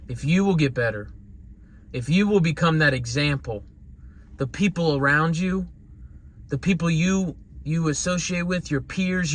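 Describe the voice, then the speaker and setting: An earnest man with a somewhat high voice gives a rambling motivational talk. He swears freely and talks plainly. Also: a bit bright. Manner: earnest, rambling, salty language. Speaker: motivational speaker.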